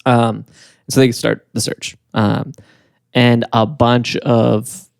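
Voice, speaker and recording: A man's voice: medium pitch, level tone, takes it slowly, creaky, dry recording, studio quality. A man co-hosting a casual comedy podcast, telling a story with frequent ums and bursts of laughter. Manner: laughs often, many ums and restarts.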